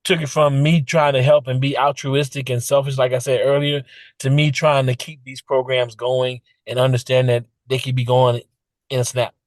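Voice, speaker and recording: A man's voice: mid-range voice, little pitch movement, normal speed, no room sound, poor audio. A man who co-hosts a podcast, speaking earnestly and with emphasis as an interview guest. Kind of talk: casual interview chat.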